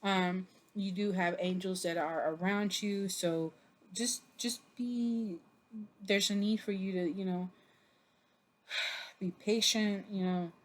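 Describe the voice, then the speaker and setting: Chatty, expressive woman reading cards. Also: medium pitch, takes it slowly. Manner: chatty, expressive, laughs and swears when surprised; loose, meandering delivery with many fillers. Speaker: tarot reader. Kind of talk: casual tarot reading to camera.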